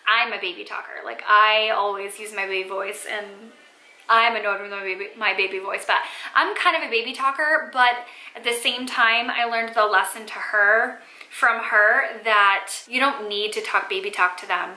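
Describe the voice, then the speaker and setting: A woman's voice: medium pitch, normal speed, pushed and bright. A young woman, a mother, chatting casually to camera with lots of "like" and "um" fillers. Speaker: mom vlogger. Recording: echoey room.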